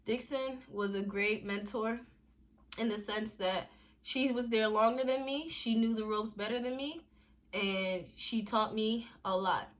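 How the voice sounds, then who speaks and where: A woman's voice: fairly high pitch, fairly even intonation, unhurried. A young woman telling a personal story on a casual vlog, candid and emphatic, with slang and restarts when emotional. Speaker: vlogger.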